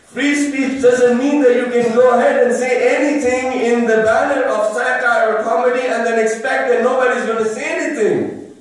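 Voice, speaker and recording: High-pitched man preaching in an echoey hall. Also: fairly even intonation, normal speed. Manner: emphatic, repeats phrases and asks rhetorical questions. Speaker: religious speaker. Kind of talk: lecture to a live gathering. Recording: very echoey room, voice from far off. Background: listeners murmuring responses.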